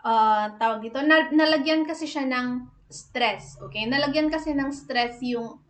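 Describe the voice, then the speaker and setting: Filipino lady teacher, kinda high voice, spells stuff out letter by letter, echoey room. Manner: explains slowly, spelling out letters and repeating words. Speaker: shorthand teacher. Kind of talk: online lesson.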